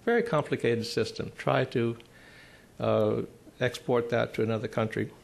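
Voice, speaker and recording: A man speaking at a conference panel on constitutional law. He explains in a measured way, pausing often, with dry, emphatic asides. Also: mid-range voice, creaky. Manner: measured, explanatory, with frequent pauses.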